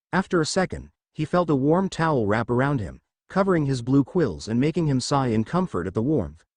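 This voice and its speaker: A man reading fan fiction aloud in a lively, expressive storytelling voice. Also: medium pitch, dry recording. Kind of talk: storytelling narration with character voices.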